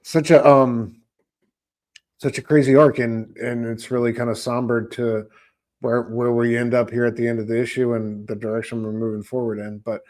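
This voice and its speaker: A man's voice: mid-range voice, flat delivery, normal speed, darkish tone. Chill guy talking comics with a buddy, lots of dude and um, easygoing. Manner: laid-back, says "dude" and "man" a lot, many fillers. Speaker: podcast co-host. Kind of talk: casual comic book review chat.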